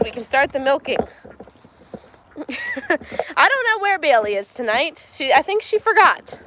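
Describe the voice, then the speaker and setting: Chatty high-voiced woman on a farm. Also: sing-song, unhurried, pauses often, sharp tone, a little hiss or hum. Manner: chatty, laughs often, talks to animals and viewers. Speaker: livestream host. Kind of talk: casual live chat while doing farm chores. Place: farmyard and barn with cows. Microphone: handheld phone.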